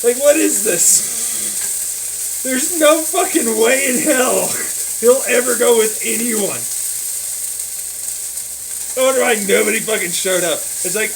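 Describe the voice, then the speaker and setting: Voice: medium pitch, slight background noise, low-quality recording. Profane rambling voice over frying sizzle. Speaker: audio blogger. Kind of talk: rambling casual monologue.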